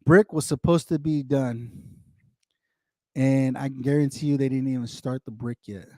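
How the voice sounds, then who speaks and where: A man's voice: medium pitch, moderate pace, darkish tone, no room sound, clean studio sound. A man, rambling and repeating himself as he chats casually with livestream viewers and greets them by name. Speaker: livestream host. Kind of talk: casual livestream chat reading viewer comments. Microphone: desktop microphone.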